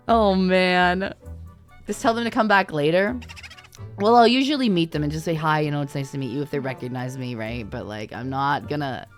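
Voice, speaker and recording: A woman streamer from Canada chatting casually on a livestream, her voice sitting fairly low. She tells stories in an animated way, laughs a lot and swears freely. Faint music plays behind her. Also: normal speed. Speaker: VTuber streamer.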